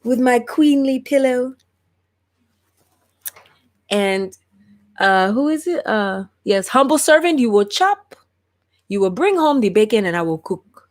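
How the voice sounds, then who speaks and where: A woman's voice: a little high, takes it slowly, pauses often, a little mellow, pitched above the performer's own voice. A woman voicing a regal queen seated on her throne, with a put-on accent she can't place. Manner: grand, unplaced put-on accent.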